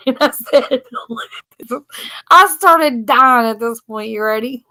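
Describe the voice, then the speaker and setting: A woman's voice: a little high, lively intonation, takes it slowly, pushed and bright. A woman hosting a casual live stream from home, retelling a story and laughing often. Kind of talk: casual chat. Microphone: streaming setup.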